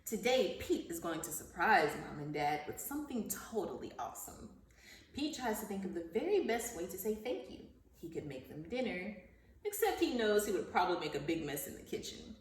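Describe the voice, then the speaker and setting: A woman teacher reads a children's story aloud and teaches new words, slow and clearly enunciated, repeating each word. She sounds set back from the microphone in an echoey room with a faint hum behind her. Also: lowish voice, big pitch swings. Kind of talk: vocabulary lesson and read-aloud story. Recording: roomy, echoey sound from a distance off the mic.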